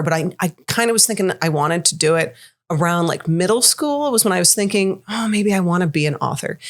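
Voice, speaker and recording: A woman author as a podcast guest, talking candidly in a casual chat and laughing easily. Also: on the low side.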